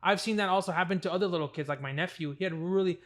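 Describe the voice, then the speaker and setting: A man hosting a casual podcast, whose first language is Spanish. He talks quickly in a slightly raised voice. He repeats words and wanders through his thoughts. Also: sits high, a bit bright. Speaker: podcast host.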